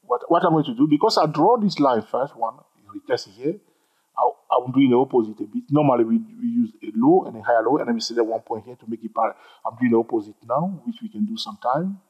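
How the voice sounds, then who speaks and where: Male trading instructor, husky, bouncy delivery with lots of repetition and jokes, on a dull lo-fi recording. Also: medium pitch, fast. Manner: animated, repeats himself, jokes with viewers. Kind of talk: screen-recorded chart tutorial.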